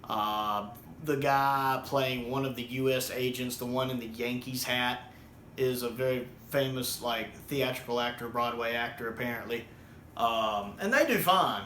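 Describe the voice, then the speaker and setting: A man's voice: medium pitch, measured pace, a bit bright, reverberant, slight background noise. A man from the United States giving a casual, rambling spoken review with plenty of ums and restarts. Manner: rambling, with many ums and repeated words. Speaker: video reviewer.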